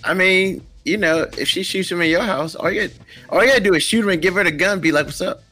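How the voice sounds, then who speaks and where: A man's voice: high voice, fast talker, bright, forceful tone, soft background music. A man co-hosting a casual podcast, laid-back and joking, talking in easy slang. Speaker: podcast co-host. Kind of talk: casual chat.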